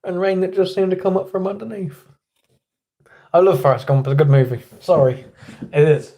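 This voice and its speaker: A man's voice: high voice, steady tone, moderate pace, gravelly, dark tone. An English man hosting a casual livestream from home, rambling and self-deprecating as he chats with viewers. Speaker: livestream host. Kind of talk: casual live chat. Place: at home indoors.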